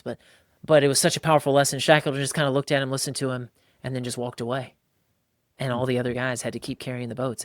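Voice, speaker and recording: A man hosts a casual podcast in a mid-range voice, speaking with emphatic, animated energy. He often breaks into higher, louder voices to act out what people say. The sound is dry and close, with no room echo. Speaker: podcast host. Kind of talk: casual podcast talk on faith and marriage.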